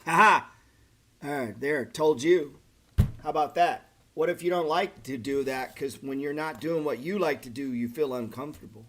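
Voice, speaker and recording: A man's voice: a little high, moderate pace, fairly bright tone, slight background noise. A middle-aged man hosting a trading stream, talking casually and bluntly, swearing often and calling listeners "man" and "bro". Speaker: trading channel host. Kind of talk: casual livestream chat about trading.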